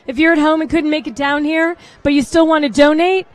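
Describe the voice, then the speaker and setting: Chatty red carpet host, woman, high voice, bubbly and easily sidetracked. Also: steady tone, fairly quick, no echo. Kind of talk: live event hosting. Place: red carpet at a salon event.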